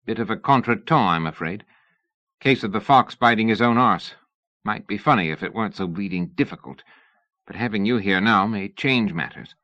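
A cocky, streetwise rogue who grumbles low and talks bluntly, as a male narrator puts him on. The voice sits deep and close, with a dry, muffled sound. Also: moderate pace, bright, forceful tone, dry recording. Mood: gruff. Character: cocky streetwise London man, gruff and blunt.

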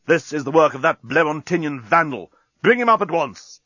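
A man's voice: medium pitch, sing-song, normal speed, fairly bright tone, breathy edge, no echo, lo-fi sound, voice pushed up. A man voicing a blustering, angry male starship captain who barks pompous commands in a storybook reading. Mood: commanding.

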